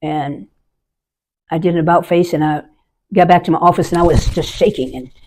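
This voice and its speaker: An older woman from the United States, an Army veteran, telling a personal story in an earnest, halting way and acting out the voices she quotes. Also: on the low side, darkish tone.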